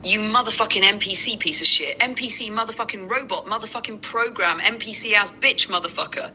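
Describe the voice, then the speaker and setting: A woman's voice: medium pitch, a little fast, pushed and bright, rough recording. A woman voicing a furious, foul-mouthed female AI assistant who spits a profane, insulting rant. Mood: furious cursing.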